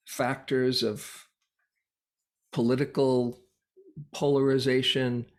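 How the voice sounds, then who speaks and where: At medium pitch, a meditation teacher delivers a Buddhist dharma talk. His pace is unhurried and reflective, with frequent pauses and gentle fillers.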